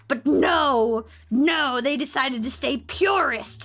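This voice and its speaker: A young woman streamer chatting casually with her viewers, ranting in an animated, exaggerated way. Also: sits high, takes it slowly, few pauses. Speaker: VTuber streamer. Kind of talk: casual chat with live chat.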